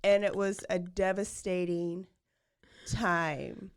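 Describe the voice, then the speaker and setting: A woman's voice: fairly low pitch, little pitch movement, slow, smooth, no room sound. Laughing woman podcast co-host. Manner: friendly, laughs often, reads listener messages aloud. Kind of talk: casual chat.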